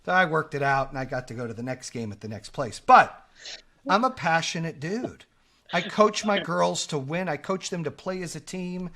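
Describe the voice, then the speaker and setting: A middle-aged man tells a story on a podcast, loose and profane, acting out each quoted line. His bright voice sits a touch high and swings widely in pitch. He talks in a casual, animated way. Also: normal speed. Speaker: podcast host.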